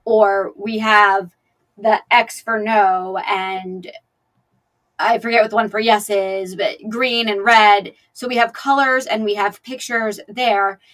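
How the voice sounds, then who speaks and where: A woman's voice: mid-range voice, fairly even intonation, slow pace, fairly bright tone, recorded from a distance. A woman speaking as a panelist over a video call, explaining her point thoughtfully.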